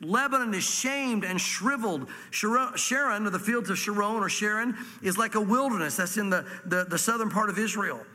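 A man preaching a sermon in church, reading scripture slowly and explaining it in a plain, earnest way. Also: high-pitched, sharp tone, long reverb tail. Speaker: pastor.

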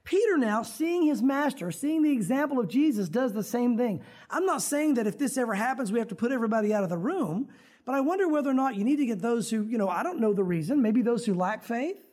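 A man's voice: very high voice, animated, fast, a little mellow. A male pastor preaching a conversational sermon, talking straight to the congregation and acting out prayers in dramatic voices.

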